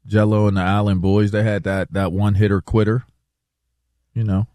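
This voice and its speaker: A man's voice: lowish voice, normal speed, no echo, clean studio sound. A man co-hosting a sports radio show, telling rambling stories in casual banter and often repeating himself. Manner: rambling, animated storyteller who repeats himself. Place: radio studio.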